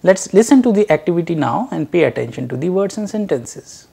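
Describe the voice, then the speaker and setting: A man giving a recorded lecture, teaching slowly and deliberately and drilling short example phrases. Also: high-pitched, big pitch swings, vocal fry, mellow, slightly rough.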